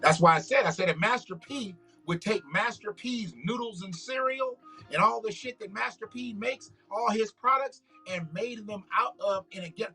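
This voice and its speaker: A man's voice: sits high, moderate pace, few pauses, pushed and bright, faint music behind. A man, hosting a livestream with blunt, profane, preachy commentary. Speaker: livestream host. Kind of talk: casual political commentary livestream.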